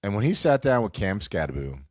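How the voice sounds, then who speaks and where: A man's voice: lowish voice, sing-song, brisk, a little mellow, dry recording, clean studio sound. A man hosting a casual sports talk show, sounding nasal and stuffed up from a cold, rambling and cutting himself off. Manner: rambling, self-interrupting, acts out quotes. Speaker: sports podcast host.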